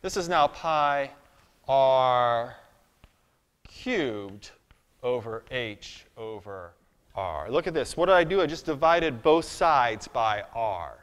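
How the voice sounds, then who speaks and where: Chatty math lecturer in a reverberant hall. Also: male voice, mid-range voice, lively intonation, takes it slowly, a bit bright, clear, resonant tone. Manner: chatty, self-deprecating, thinks aloud at the board. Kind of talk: live classroom lecture.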